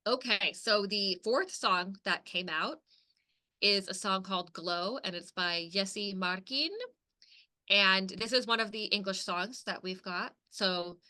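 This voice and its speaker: A woman's voice: mid-range voice, slow pace, sharp tone. A woman co-hosting a podcast in casual chat, talking loosely with lots of filler words and the odd swear. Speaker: podcast co-host.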